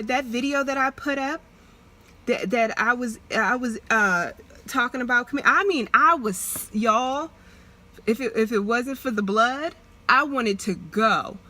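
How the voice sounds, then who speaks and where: A young adult woman talking to her vlog audience in an earnest, halting way, restarting and repeating herself as she opens up. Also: a little high, bright, forceful tone. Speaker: vlogger. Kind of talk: emotional personal vlog confession.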